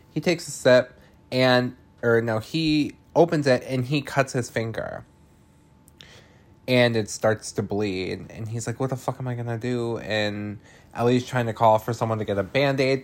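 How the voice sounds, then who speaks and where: An unhurried podcast host walks through a film's plot in a loose, chatty way, leaning on filler words and dropping casual profanity. The delivery is lively and melodic, with the pitch swinging freely. It's relaxed recap talk, not scripted narration. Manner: chatty, filler-heavy, swears freely, laughs often.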